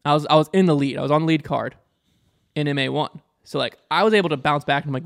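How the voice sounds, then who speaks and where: A young man telling a story in casual conversation, animated and quick, acting out the people he quotes. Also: on the high side, creaky. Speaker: podcast guest or host, disc golfer.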